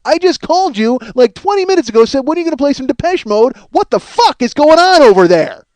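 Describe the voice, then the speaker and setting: Man doing a shrill bullying caller, high-pitched, swearing nonstop. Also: sing-song, fairly quick, no room sound. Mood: indignant. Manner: bullying, profane, shouting. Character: angry entitled young male office-worker radio caller.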